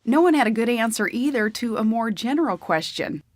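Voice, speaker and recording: A woman's voice: fairly high pitch, lively intonation, fairly quick, dry recording. A woman narrating a memoir audiobook in a plain, conversational storytelling manner.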